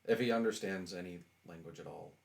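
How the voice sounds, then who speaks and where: A man playing in a tabletop game who speaks in a slow, measured way. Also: deep voice, vocal fry. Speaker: player.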